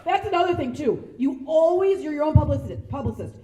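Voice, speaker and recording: Animated woman telling stories in an echoey hall. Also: high-pitched, fairly quick. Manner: animated storytelling, acting out voices with laughter. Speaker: guest speaker. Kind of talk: anecdotal speech to an audience. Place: large sound stage before an audience. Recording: echoey room.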